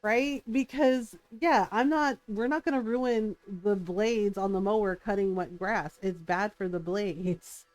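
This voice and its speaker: A middle-aged woman streamer chatting casually, telling an animated story with frequent laughs and quoted voices. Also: mid-range voice, a little slow, hardly any pauses, no echo. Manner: animated, laughing often, quoting others in shifting voices.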